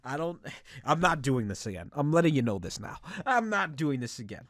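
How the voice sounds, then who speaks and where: A man's voice: a little high, sing-song, a little fast, fairly bright tone, no room sound, clean studio sound. A drunk man doing casual let's play commentary, giggly, swearing and rambling. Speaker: game commentator.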